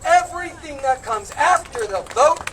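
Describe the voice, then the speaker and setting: A woman campaigning for Congress gives a fiery protest speech outside on some steps, her high-pitched voice lively in intonation and normal in speed. The speech builds to shouted call-and-response, recorded from a distance with the crowd audible.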